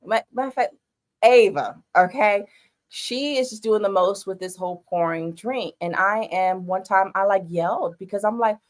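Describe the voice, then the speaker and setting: Chatty woman host, animated. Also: medium pitch, moderate pace. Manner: animated, chatty storytelling with laughs. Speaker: podcast host and mother. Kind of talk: casual chat.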